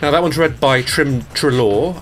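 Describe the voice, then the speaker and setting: A man's voice: mid-range voice, normal speed, over a noisy crowd. An Irish man in casual podcast chat, reading out the news in a distracted, self-mocking way, stumbling over names. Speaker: sound designer reading the news.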